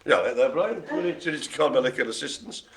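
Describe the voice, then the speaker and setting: A man's voice: medium pitch, lively intonation, quick pace, crowd noise. A man hosting a live bingo game, chatty and jokey, full of playful asides. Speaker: bingo host. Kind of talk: live-streamed bingo calling.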